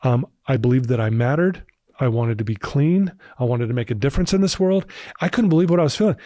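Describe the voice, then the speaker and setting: A man's voice: medium pitch, lively intonation, fast, dark tone, no room sound. Earnest man telling his recovery story. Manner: earnest, emotional personal storytelling. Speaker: podcast guest, recovery speaker. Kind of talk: storytelling in a podcast interview.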